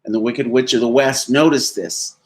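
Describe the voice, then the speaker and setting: A man's voice: mid-range voice, fairly even intonation, normal speed, a little mellow. A man giving a sermon as a minister, telling a story conversationally and laughing now and then.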